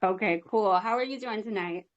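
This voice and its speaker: A woman's voice: medium pitch, a little fast, dull audio. Chatty self-deprecating female interviewer. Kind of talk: casual livestream chat.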